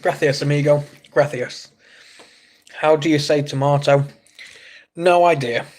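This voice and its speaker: A man's voice: a little high, steady tone, a little slow, a little mellow. Chatty English man hosting a livestream. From England. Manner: chatty, joking, reacts to chat messages. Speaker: livestream host. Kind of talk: casual live chat reading comments.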